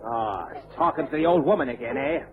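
A man's voice: on the high side, very animated, a little fast, vocal fry. An actor playing a hotheaded young Irish groom who bullies his mother, in old-time radio drama with an Irish accent, on a dull old recording. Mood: defiant.

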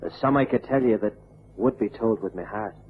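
An actor playing a sly Irish suitor pleading for marriage, in old-time radio drama with an Irish accent. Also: male voice, on the low side, brisk, phone-quality sound, slight background noise, close to an everyday voice.

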